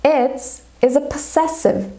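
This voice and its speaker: A woman's voice: high voice, steady tone, slow pace, dark tone. A woman teacher giving a grammar lesson video, explaining methodically step by step with examples.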